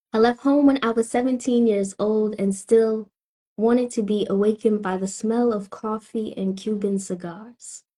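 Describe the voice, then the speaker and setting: A spoken word poet from Tampa, Florida, a woman with a Southern accent, delivering her lines in a slow, rhythmic way with weighty pauses. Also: mid-range voice, mellow. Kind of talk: spoken word poetry performance.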